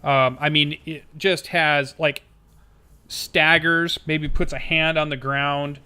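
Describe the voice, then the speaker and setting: A man narrating as game master of a tabletop game, slow and halting, with many fillers. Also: fairly high pitch, fairly even intonation, sharp tone, clean tone.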